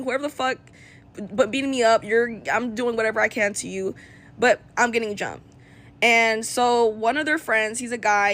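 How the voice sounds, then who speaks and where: A woman's voice: a little high, a bit bright. A woman telling a storytime in casual talk, blunt and indignant, rambling with plenty of fillers.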